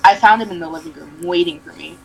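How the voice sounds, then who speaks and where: A woman's voice: on the low side, creaky, slight background noise, low-quality recording. A young woman mockingly reading fanfiction aloud, giggling and adding sarcastic asides. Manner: reads slowly, breaks into giggles and sarcastic asides. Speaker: reader.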